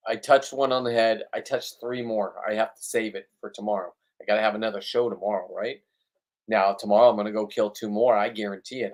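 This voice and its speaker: A man talking to the camera in a casual fishing vlog, blunt and rambling, joking about himself. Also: on the low side. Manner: blunt, rambling, self-deprecating. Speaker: fishing vlogger.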